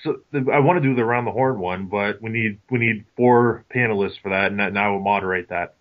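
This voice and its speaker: Fast-talking low-voiced male podcaster. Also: muffled recording. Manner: teasing, directs the talk. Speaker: podcast co-host and moderator. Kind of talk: casual chat.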